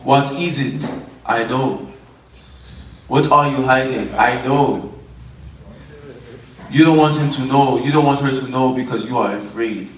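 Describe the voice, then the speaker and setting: Fortune-teller bit by a man, slow and mystical, echoey and distant. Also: medium pitch, natural voice. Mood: mock-mystical.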